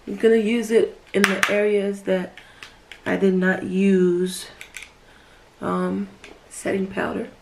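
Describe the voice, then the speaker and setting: A woman's voice: mid-range voice, level tone, takes it slowly, gravelly, pauses often, slight background noise. A woman talking casually through a makeup tutorial in a chatty vlog, sometimes dropping to a whisper. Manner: chatty, drops to whispers at times. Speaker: beauty vlogger.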